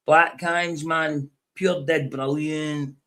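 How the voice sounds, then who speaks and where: A man's voice: fairly high pitch, fairly even intonation, drawn-out words, fairly bright tone, pitched above the performer's own voice. A man putting on a drunk Glaswegian bench drinker. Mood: boozy.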